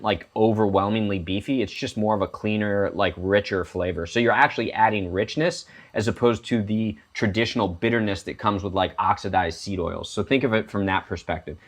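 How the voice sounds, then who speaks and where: A middle-aged man hosting a casual cooking demonstration, chatty and explaining each step with joking tangents. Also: on the low side. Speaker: chef and cooking show host.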